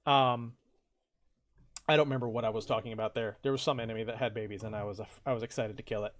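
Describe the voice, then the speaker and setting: Streaming a game, a man reads out viewer quotes in casual, rambling chat, talking fast with fairly even intonation. Whenever he quotes someone, he jumps into loud, high voices.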